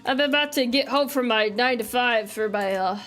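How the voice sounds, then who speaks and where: A woman voicing a weary middle-aged dad with a desk job, deadpan and low. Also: a little fast, natural voice.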